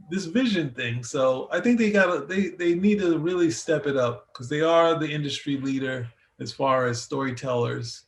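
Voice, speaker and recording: A man co-hosting a relaxed review conversation, his voice sitting slightly high for a man. He rambles, restarts his sentences and circles back as he gathers his thoughts. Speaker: podcast co-host. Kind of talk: casual review chat.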